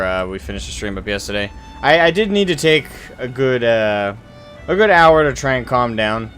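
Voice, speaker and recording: A man's voice: medium pitch, a bit bright. Man, game streamer, casual chat, rambling, lots of fillers, faint game music. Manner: rambling, thinking aloud with many fillers.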